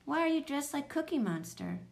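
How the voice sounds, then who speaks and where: A woman's voice: high-pitched, very animated, brisk, vocal fry, a little mellow, pitched above the performer's own voice, heavily acted. Woman doing a bossy kid detective. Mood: bossy, questioning. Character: bossy young girl detective, practical.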